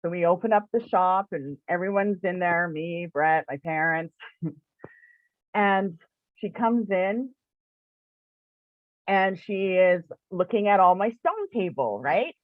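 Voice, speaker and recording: A chatty woman from eastern Canada recounts her own story, filling it with "like" and quick laughs. Her voice comes through a narrow, phone-like band in a dry, close space with no room sound. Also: lowish voice, lively intonation, no echo. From Canada, New Brunswick area. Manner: chatty, many "like" fillers, laughs often. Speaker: spiritual shop owner and teacher. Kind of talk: personal storytelling.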